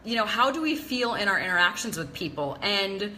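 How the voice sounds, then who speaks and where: A woman's voice: mid-range voice, expressive, a little fast, sharp tone, a little hiss or hum, low-quality recording. A woman hosting a casual live stream, chatty and confessional, greeting viewers by name as she talks to her webcam.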